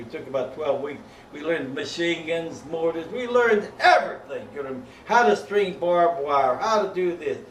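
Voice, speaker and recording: A man's voice: fairly high pitch, a little hiss or hum. Elderly man rambling in a roomy recording. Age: 80s. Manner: rambling, folksy, peppered with "you know what I mean"; breaks into chuckles while telling stories. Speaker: World War II veteran. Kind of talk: oral history storytelling. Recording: roomy home recording from a distance, faint ambience.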